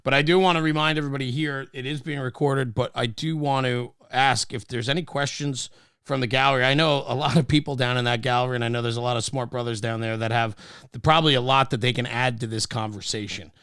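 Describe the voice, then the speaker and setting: Friendly male moderator, mid-pitched, dry close phone sound, enthusiastic and quick. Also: steady tone, fairly bright tone, clean tone, no echo. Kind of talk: casual panel moderation. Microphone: phone in an audio chat room.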